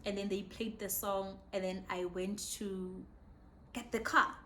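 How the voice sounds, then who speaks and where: A young South African woman with a South African accent telling a personal story, excitable and emotional. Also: mid-range voice, a little slow, a little hiss or hum. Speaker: vlogger. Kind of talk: casual storytime.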